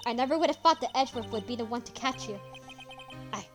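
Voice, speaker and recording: A woman's voice: a little high, fast, over music, close to an everyday voice. A woman voicing a stern middle-aged male chief prosecutor in a courtroom game, firm and reproachful.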